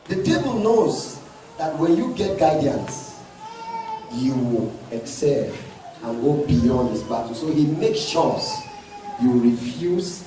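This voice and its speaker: A man, a pastor, preaching a sermon with emphatic repeated questions that rise into shouts. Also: mid-range voice, lively intonation, slow. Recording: very echoey hall, from far off, faint noise.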